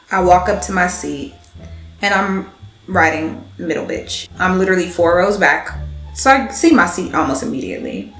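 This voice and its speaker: A young woman tells a dramatic storytime in casual slang, with a bright voice that keeps climbing as the story builds. The room around her has a noticeable echo. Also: fairly low pitch, lively intonation, takes it slowly, pauses often, faint music behind. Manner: dramatic, slangy, laughs while telling. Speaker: vlogger telling a story. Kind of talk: animated storytime.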